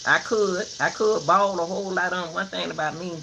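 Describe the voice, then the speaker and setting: An older woman talking casually to her viewers in a vlog, giving folksy, preachy advice in an animated way. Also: lowish voice, normal speed, gravelly, noisy background. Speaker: vlogger.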